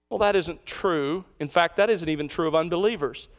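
A male pastor delivers a sermon in a fairly high, clear and resonant voice. He is emphatic and slows down to repeat his key lines.

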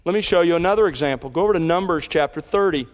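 A man's voice: on the high side, rapid-fire, big-room sound. A man preaching an expository sermon, reading scripture aloud and pressing key points with emphatic rises. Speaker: pastor.

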